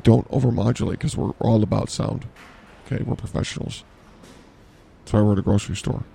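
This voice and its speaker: A man co-hosting an improvised comedy podcast in a grocery store, rambling deadpan and trailing off mid-sentence. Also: fairly low pitch, a little fast, vocal fry, a little hiss or hum. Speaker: podcast co-host.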